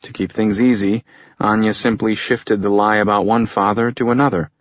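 A man reading an audiobook in measured, scripted narration. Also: lowish voice, fairly even intonation, no echo. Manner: measured storytelling delivery. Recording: dull lo-fi dry recording.

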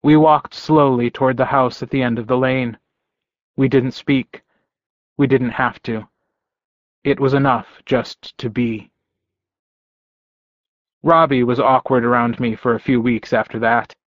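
Male audiobook narrator, even and plain, dry muffled recording. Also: mid-range voice, a little slow, pauses often, no echo. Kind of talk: first-person fiction narration. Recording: dry, dull close-mic recording.

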